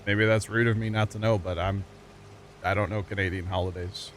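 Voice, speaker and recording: A man from the States with a fairly low voice talks loosely to his chat while he plays, drifting from topic to topic. He cracks puns, laughs at them himself, and keeps a relaxed, easygoing flow over a faint hiss in the background. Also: a little fast. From United States. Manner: rambling, jokey, laughs often at his own puns. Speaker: livestreamer. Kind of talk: casual chat with viewers while gaming.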